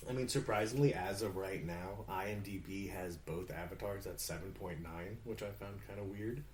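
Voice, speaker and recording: A man co-hosting a casual movie podcast, with a slightly low voice. He talks in a laid-back, slangy way and jokes about the film's flaws. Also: normal speed, a little hiss or hum. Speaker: podcast co-host. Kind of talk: casual movie review chat.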